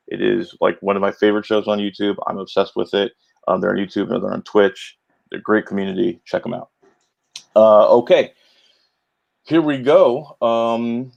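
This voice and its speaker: A man hosting a trivia livestream, chatty and upbeat with announcer-style hype and plenty of fillers. His voice is lowish with a gravelly fry. The sound is dull and lo-fi, as from a home stream. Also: steady tone, moderate pace, darkish tone. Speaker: trivia game show host.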